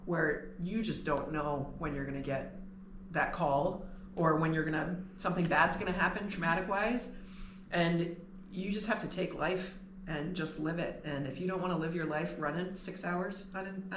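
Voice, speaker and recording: A woman co-hosting a casual podcast chat, talky and quick to laugh. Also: on the low side. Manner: chatty, laughs often. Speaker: podcast co-host. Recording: roomy with faint ambient noise.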